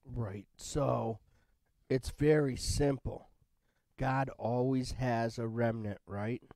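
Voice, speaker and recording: A man's voice: medium pitch, fairly even intonation, slow, darkish tone, no room sound. A man teaching a Bible study in a casual, conversational way, often checking in with "right?". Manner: conversational, keeps asking "right?".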